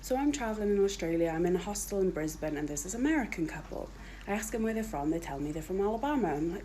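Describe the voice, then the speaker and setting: A woman's voice: medium pitch, expressive, quick pace, mellow, slight background noise. A woman from Wales telling a travel story straight to the camera, switching into livelier voices when she quotes people.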